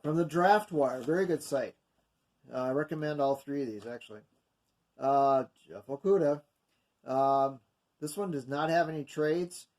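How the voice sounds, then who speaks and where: Here a video host casually reviews mock draft picks from his notes at a measured pace. His darkish voice sits on the high side, and his unscripted commentary rambles, with many fillers and corrections.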